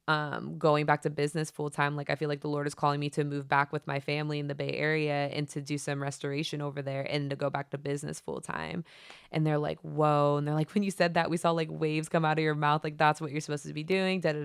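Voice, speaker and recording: A young adult woman hosting a faith podcast, retelling events in a chatty, animated way full of fillers. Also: sits low, clean tone, no room sound, studio quality. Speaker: podcast host. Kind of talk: casual faith podcast storytelling.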